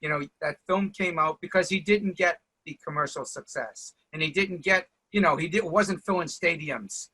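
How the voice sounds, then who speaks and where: A man's voice: a little high, normal speed, hardly any pauses, sharp tone, slightly rough, rough recording. A man, a comedian hosting, chatting casually and teasing his guest with mock indignation. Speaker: comedian host. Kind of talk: casual interview chat.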